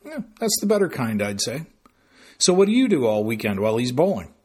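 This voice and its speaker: A man's voice: medium pitch, big pitch swings, a little fast, darkish tone, slightly rough, pitched above the performer's own voice. A man voicing a direct, easygoing math teacher chatting with a student. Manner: direct, plainspoken.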